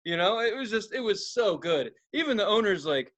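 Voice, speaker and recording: A man's voice: high-pitched, big pitch swings, normal speed, fairly bright tone. A man on a podcast telling a rowdy story in casual chat, swearing freely and acting out the voices in his quotes. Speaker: podcast co-host.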